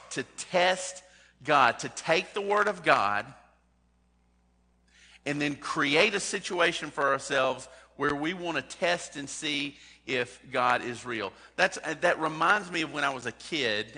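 Bright-voiced man preaching in a reverberant hall. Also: fairly high pitch, breathy edge. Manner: conversational preaching, direct questions to the congregation. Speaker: pastor. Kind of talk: sermon.

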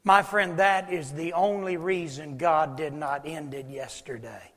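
A man preaching to his congregation in a high, ringing voice. He surges to loud, driving passages and then drops to hushed near-whispers. The church sanctuary around him carries a long, lingering reverb. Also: a little slow. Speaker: pastor. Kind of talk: sermon.

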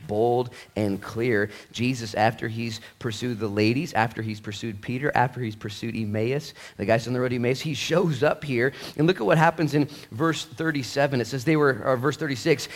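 A middle-aged man preaching a sermon in a church, animated, acting out dialogue and swinging between loud bursts and hushed asides. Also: fairly low pitch, normal speed. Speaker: pastor.

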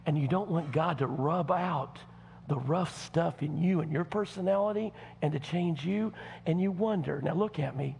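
A man pastor with a Southern accent preaching a folksy sermon, speaking straight to the congregation and swinging from hushed tones to shouting. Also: a little high, normal speed, vocal fry, highs cut off, slight background noise. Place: church. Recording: long church hall reverb.

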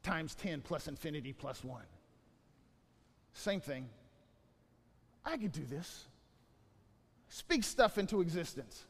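Animated man preaching in an echoing hall. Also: a little high, takes it slowly, long pauses, husky. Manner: animated storytelling, swings from loud to quiet. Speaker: pastor. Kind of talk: sermon.

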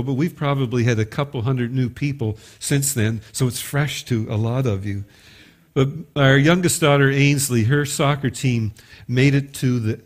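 A middle-aged man delivers a sermon to his congregation. He talks in a casual, storytelling way, with the odd stumble. His voice sits at an average pitch for a man. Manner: conversational storytelling, occasional stumbles. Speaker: pastor.

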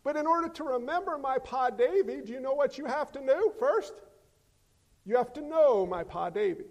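Animated high-voiced preacher in a reverberant hall. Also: male voice, normal speed. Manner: animated, swings from loud exclamations to hushed emphasis. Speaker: pastor. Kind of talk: sermon. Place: church sanctuary.

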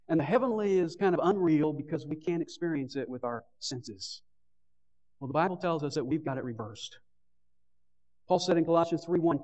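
A pastor giving a Sunday morning sermon, stressing key words and then dropping to a hushed, pleading tone. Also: male voice, a little high. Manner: earnest preaching, swinging between stressed bursts and hushed pleading. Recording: dull lo-fi sermon recording.

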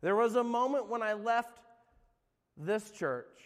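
In church, a middle-aged man from California, formerly a youth pastor, shares his testimony with earnest confession, his volume rising loud and dropping hushed. He speaks slowly in a high voice with lively intonation, and the sound carries a big-room quality.

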